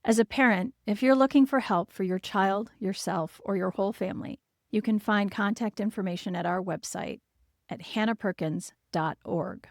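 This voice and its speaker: Calm woman child-therapist podcast host. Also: medium pitch, moderate pace, gravelly, no room sound, clean studio sound. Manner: calm, gentle, reassuring. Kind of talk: explaining parenting advice on a podcast.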